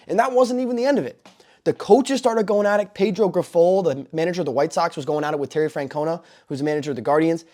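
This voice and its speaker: Young man, sports host, excited recap commentary, bursts of loud exclamation. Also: on the high side.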